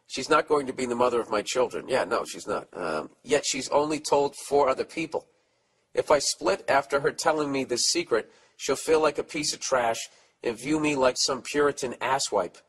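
A man's voice: mid-range voice, animated, fairly quick, a bit bright, slight background noise. A middle-aged man hosting a podcast, giving blunt, profane comedic advice in a rambling way while reading out listener letters. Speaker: podcast host.

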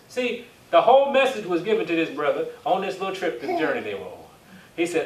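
Brisk and lively, with a high voice, a preacher reads King James scripture aloud and asks his congregation for amens in call-and-response. Faint hiss and a distant mic capture the echoey church hall.

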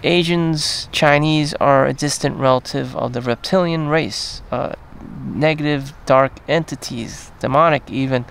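A man vlogging in a rambling, profane monologue full of fillers and trailing pauses. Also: medium pitch, creaky, a bit bright, slight background noise.

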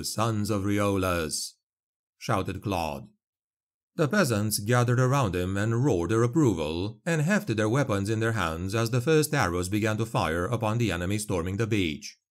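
Low-voiced man narrating a fantasy audiobook.

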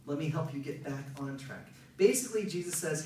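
A man's voice: fairly high pitch, fairly quick, few pauses, a little mellow. A male pastor preaching a sermon in a conversational, emphatic way. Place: church hall. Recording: very echoey, from far off, faint noise.

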